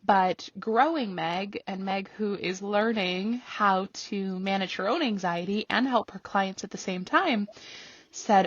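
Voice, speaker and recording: A woman podcast host tells a personal story in a casual, animated way, laughing often and jumping high in pitch when she acts out her own reactions. She speaks a little slowly, and the dry recording has its highs cut off.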